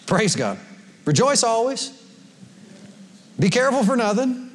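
This man's pitch is extremely high, and he delivers his sermon in a sing-song, measured way. He's a pastor addressing a congregation in a church sanctuary, folksy in style, frequently laughing and citing scripture.

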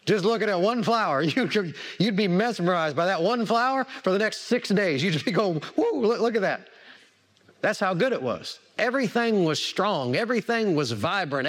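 A man's voice: high-pitched, fairly bright tone. A man preaching a sermon, repeating words for emphasis and asking the congregation questions. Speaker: pastor.

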